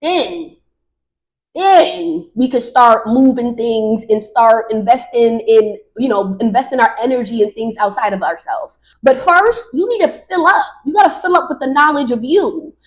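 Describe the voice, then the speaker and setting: A woman around thirty hosting her own podcast, talking casually and off the cuff in an animated, slangy way with laughs. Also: on the high side, a little slow. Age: 30s. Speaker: podcast host. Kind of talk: casual solo podcast monologue.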